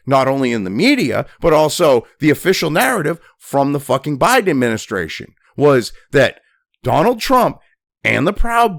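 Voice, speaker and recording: A man's voice: on the high side, gravelly, a bit bright, no echo, studio quality. A man hosting a news commentary show, ranting angrily and swearing constantly. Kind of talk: angry profane rant.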